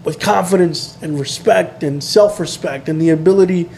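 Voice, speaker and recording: Earnest man with a mellow voice. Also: fairly high pitch, moderate pace, creaky, a little hiss or hum. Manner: earnest, reflective, talks in loose restarts. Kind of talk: casual heartfelt chat.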